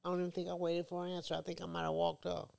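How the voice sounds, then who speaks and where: Middle-aged woman, gravelly, low voice, calm, plain-spoken. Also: rapid-fire. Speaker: guest, host's mother. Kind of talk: casual chat.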